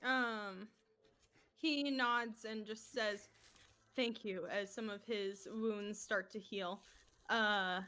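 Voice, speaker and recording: A woman's voice: mid-range voice, fairly even intonation, slow, pushed and bright, clean tone. A woman narrating as game master of a tabletop game, laughing often as she describes scenes and voices characters.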